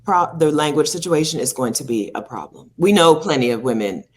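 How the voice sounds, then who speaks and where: A woman with a low voice co-hosts a relaxed conversation. She speaks in a measured way and keeps the talk going with frequent "mm-hmm" replies. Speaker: co-host. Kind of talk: casual chat.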